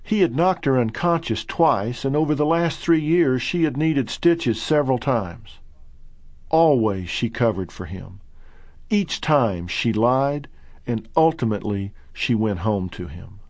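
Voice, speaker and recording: A man's voice: mid-range voice, expressive, measured pace, a little mellow, no room sound. Earnest male audiobook narrator, dry studio. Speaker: narrator reading his own book.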